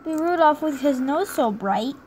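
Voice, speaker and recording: A young woman giving excited gameplay commentary, giggling and squealing with delight as she plays. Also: sits high, moderate pace, slight background noise, low-quality recording. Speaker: gaming video creator. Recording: game music playing behind.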